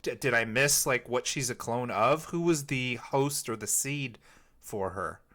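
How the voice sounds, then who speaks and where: A man's voice: medium pitch, measured pace, bright, forceful tone. A man hosting a casual podcast chat, rambling with many fillers and restarts. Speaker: podcast host.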